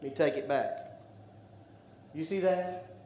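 A man preaching a sermon, building to loud emphatic declarations. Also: on the high side, takes it slowly. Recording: echoey room with faint background noise.

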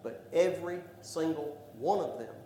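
A man preaching a sermon, building to loud emphatic declarations. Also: on the high side, expressive, normal speed. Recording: echoey room with faint background noise.

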